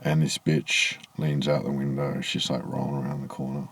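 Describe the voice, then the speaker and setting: A man's voice: rumbling low, flat delivery, normal speed, vocal fry, fairly bright tone, husky. A man telling a rambling, aggrieved story to camera in a casual vlog, swearing freely, outdoors in the evening. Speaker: vlogger. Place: outdoors in low evening light.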